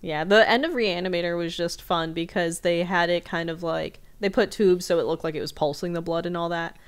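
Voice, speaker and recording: A woman co-hosting a podcast, recapping a film's plot in a breezy, chatty way with quick asides. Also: on the low side, fairly even intonation, clear, resonant tone. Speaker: podcast co-host. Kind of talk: casual movie-reaction chat.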